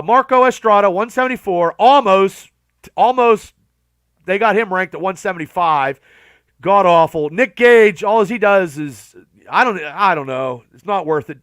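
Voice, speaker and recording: A man's voice: sits high, a bit bright, smooth, no room sound. A male podcast host reading through a wrestling ranking list, stopping now and then for blunt, profane asides.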